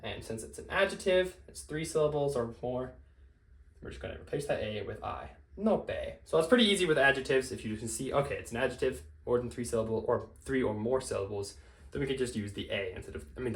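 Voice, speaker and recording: A male language teacher walks through grammar rules step by step, patient and casual, at an everyday mid-range pitch. His speech is loose, full of fillers and quick self-corrections. Noticeable room echo colors the recording.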